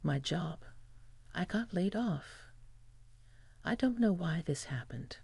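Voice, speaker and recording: A narrator voicing a callous husband, gravelly and dry. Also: male voice, high-pitched, animated, slow pace, a little mellow, no echo, full character voice. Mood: panicked. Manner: pleading then dismissive. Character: callous husband turned panicky.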